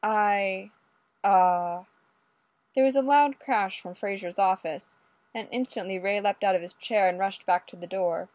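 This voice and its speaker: Woman, story narration, even delivery, mid pitch, dry recording. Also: normal speed, no echo. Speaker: story reader.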